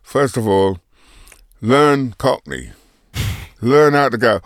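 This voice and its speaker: A man's voice: medium pitch, big pitch swings, takes it slowly, no echo, studio quality. An older man from Barbados with a Barbadian accent touched by London, chatting easily as an interview guest and laughing often. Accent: Barbadian, with London traces. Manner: easygoing, laughs often while talking. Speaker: guest musician. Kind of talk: relaxed interview chat.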